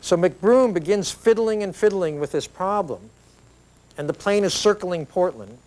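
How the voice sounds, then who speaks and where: A middle-aged man giving an educational video lecture, explaining ideas in a conversational, animated storytelling way with frequent tag questions. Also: high-pitched, a little slow.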